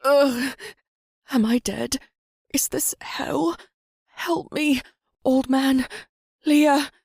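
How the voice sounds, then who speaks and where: A woman's voice: on the low side, lively intonation, normal speed, creaky, breathy edge, no room sound, studio quality, exaggerated voice. A woman voicing a desperate, anxious young man with strained, frantic cries in an audiobook. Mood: terrified.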